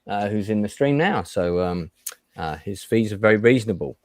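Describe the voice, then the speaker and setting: A man's voice: fairly low pitch, expressive, normal speed, no echo. A man hosting a casual livestream chat show, talking chattily with many fillers and restarts. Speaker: host.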